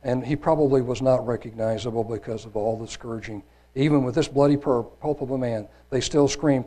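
A man delivers a sermon in an earnest, grave tone, reading scripture aloud. His voice sits at a middle pitch, and he sometimes stumbles and restarts a word. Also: dark tone. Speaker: preacher.

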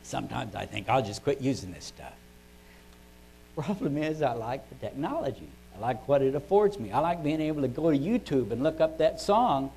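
An older man giving a devotional talk. He speaks in a conversational, folksy way and often clears his throat. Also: a little high, a little mellow, slight background noise, low-quality recording.

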